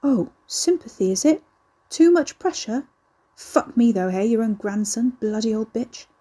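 A woman's voice: mid-range voice, fairly even intonation, moderate pace, mellow, breathy edge, natural voice. A woman voicing a coarse, surly young man who sneers and curses. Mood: mocking. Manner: sneering, cursing.

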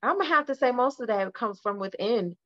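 A woman's voice: a little high, expressive, brisk, fairly bright tone, highs cut off. A woman in her forties, a therapist co-hosting a podcast, talking emphatically in casual chat and repeating points for stress.

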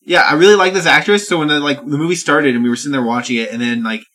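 A man co-hosting a podcast in casual chat, excitedly retelling a movie, swearing and acting out lines in voices. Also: on the high side, very fast. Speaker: podcast co-host.

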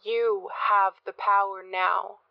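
A woman's voice: medium pitch, steady tone, slow, creaky, no echo. A woman playing a gleeful psychopathic man in a horror audiobook, urging others on in an eager, coaxing voice. The sound is dry and close, with a slightly dull, lo-fi edge.

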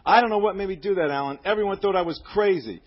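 A man's voice: high voice, fast, slightly rough. A man preaching on the radio, reading a letter aloud in an earnest, fervent, praising manner. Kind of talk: sermon reading a listener's letter. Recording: dull lo-fi radio broadcast.

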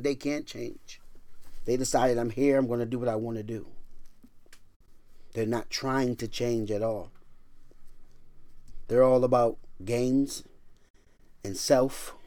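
Dynamic preaching pastor, dry sound. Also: male voice, medium pitch, no echo. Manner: dynamic preacher, swings from hushed whispers to loud emphatic lines; repeats phrases for emphasis, quotes scripture in old-fashioned wording. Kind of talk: sermon.

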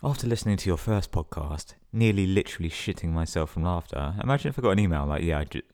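A man with a very low, deep voice reads listener stories on his podcast. He keeps cutting in with sweary, sarcastic jokes between the sentences. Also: lively intonation, fast talker, a little mellow, clean tone. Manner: sweary, sarcastic running commentary. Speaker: podcast host. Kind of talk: reading listener emails with comic asides.

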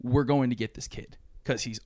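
A young man co-hosting a podcast casually retells a movie plot, acting out the characters' lines with animated storytelling, frequent swearing and lots of laughs. His voice is medium-pitched and he talks at a normal speed. The sound is studio quality, with no room sound.

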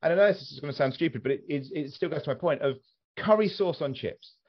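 A man's voice: on the high side, fast talker. A man from southern England in a casual podcast chat, talking animatedly, swearing freely and often restarting his sentences. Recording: slightly dull podcast audio.

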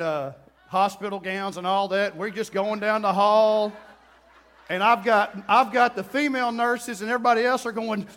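High-voiced guy preaching, middle-aged, tells stories and acts out the quotes. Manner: animated storytelling, acts out quotes with sudden high outbursts. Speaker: pastor. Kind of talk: sermon.

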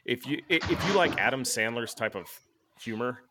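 A man's voice: mid-range voice, animated, moderate pace, noisy background. A man co-hosting a podcast, rambling and laughing through casual movie chat and swearing freely. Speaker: podcast co-host. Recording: remote quarantine recording.

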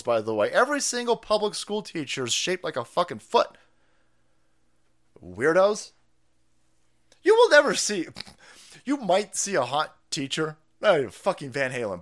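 Profane ranting man, lively voice. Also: medium pitch. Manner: profane, combative, sarcastic. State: hungover. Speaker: streamer host. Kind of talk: ranting political commentary stream.

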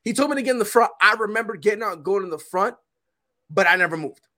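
A young man tells a story on a casual podcast, his voice jumping all over in pitch and landing bright and sharp. He drops to low mumbles, then bursts into loud shouts. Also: animated, fast talker. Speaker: podcast host.

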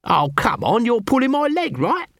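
A man putting on a squeaky sleazy little corporal. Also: wildly swooping pitch, moderate pace, gravelly, fairly bright tone, dry recording, studio quality, full character voice. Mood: wheedling. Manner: wheedling, squeaky, flustered. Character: sly, sleazy little male watch corporal.

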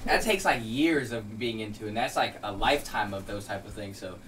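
A man's voice: lowish voice, lively intonation, fairly quick, fairly bright tone. Young man, earnest and groping for words, far from the mic with a light hiss. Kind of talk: casual podcast chat.

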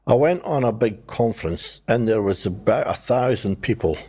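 Older kiwi guy, husky voice, telling his story, does the voices of people in it. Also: on the low side, normal speed. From New Zealand. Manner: animated storyteller, acts out his own past voice and others. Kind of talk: conversational testimony.

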